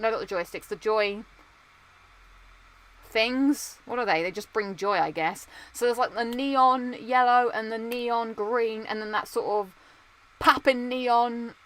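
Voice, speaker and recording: A young woman chats casually with viewers on a stream, her voice on the high side, a bit bright, at a measured pace. Playful and self-mocking, she rambles with lots of fillers and restarts and often laughs at herself.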